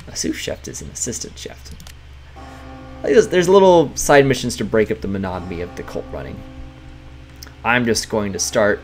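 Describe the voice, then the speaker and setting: A man's voice: lowish voice, animated, fairly quick. Chatty man streaming a game. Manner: chatty, laughs often, reads game text aloud. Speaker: gaming writer streaming a game. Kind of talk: casual let's-play commentary.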